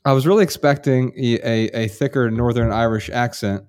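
A man's voice: medium pitch, fairly even intonation, moderate pace, darkish tone. A man hosting a podcast, chatting thoughtfully and a little hesitantly with a guest over a video call. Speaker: podcast host.

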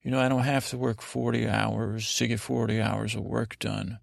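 Creaky, monotone man telling a bedtime story. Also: on the low side, dry recording, clean studio sound. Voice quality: gravelly, creaky. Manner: meandering, halting, monotone delivery. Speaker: podcast host.

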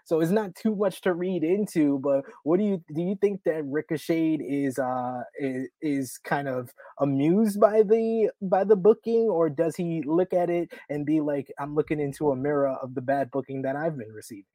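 A man in his thirties hosting a casual wrestling podcast, rambling with lots of fillers and loud laughs. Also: on the high side, normal speed, hardly any pauses, no echo. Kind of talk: casual chat.

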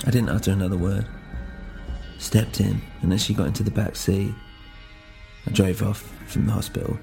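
Deep gravelly male storyteller. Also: fairly even intonation, moderate pace, pauses often, warm tone, faint music behind. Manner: brooding, introspective. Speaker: narrator. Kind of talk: first-person audio drama narration.

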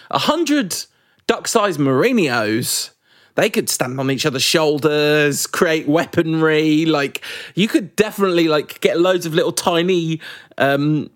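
A man's voice: fairly high pitch, no room sound, clean studio sound. A man co-hosting a podcast in casual, jokey chat, rambling with restarts. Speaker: podcast co-host leaving the show.

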